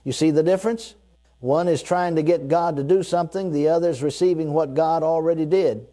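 A male preacher in full sermon, his voice pitched a little high yet mellow and warm. He drives each point home with repetition and slows right down when he reads scripture, then has his listeners repeat his declarations back to him. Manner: emphatic, repeats key phrases, slows down for scripture; leads the congregation in call-and-response declarations.

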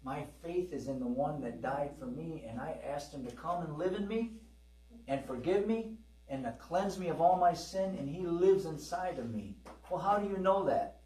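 A middle-aged man preaches to his congregation in a chatty, storytelling way and pauses for amens. His voice sits a little high for a man. He sounds roomy and some way off from the mic. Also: animated, mellow, far from the mic. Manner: conversational, calls for amens, acts out dialogue. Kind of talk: sermon with storytelling. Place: church service.

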